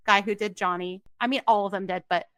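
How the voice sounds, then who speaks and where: A young woman co-hosts a casual podcast chat, and her voice comes across bright and crisp. She talks emphatically and keeps up a quick, chatty flow, with a dry, close sound. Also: mid-range voice, fairly even intonation, dry recording. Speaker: podcast co-host.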